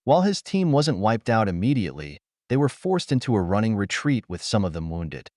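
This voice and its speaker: A man with a low voice narrates an audiobook, reading in a lively, expressive way with wide swings in tone. The recording is dry and close, with no room sound around it. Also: fairly quick, no echo.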